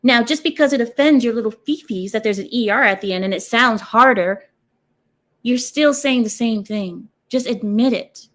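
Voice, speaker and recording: A woman talks casually to her viewers, reacting and arguing with lively rhetorical questions. Her voice sits a little high and she laughs easily between points. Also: moderate pace. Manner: animated, argues through rhetorical questions, laughs often. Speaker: host of a reaction stream. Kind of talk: casual commentary on clips and chat.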